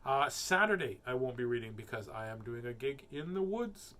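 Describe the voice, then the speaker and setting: A middle-aged man hosting a nightly livestream, reading a picture book aloud and chatting in an animated, playful way. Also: mid-range voice, moderate pace.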